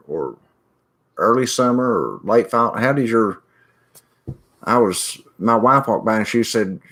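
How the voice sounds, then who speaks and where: Folksy low-voiced man chatting with viewers. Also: a bit bright. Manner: folksy, rambling, greets viewers by name. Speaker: livestream host reading viewer chat. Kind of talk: casual chat.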